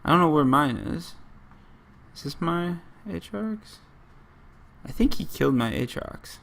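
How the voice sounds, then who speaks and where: A man's voice: on the high side, expressive, measured pace, gravelly, a bit bright. A man from the United States giving rambling gameplay commentary, often breaking off mid-story and leaning on "like.". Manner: rambling, self-interrupting, lots of "like". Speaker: gaming channel host.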